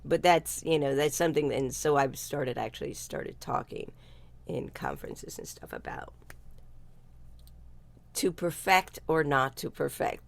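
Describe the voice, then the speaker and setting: A woman's voice: sits low, vocal fry. An older woman telling a story in a casual chat, blunt and salty-tongued, laughing often. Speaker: guest speaker. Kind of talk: casual video-call chat.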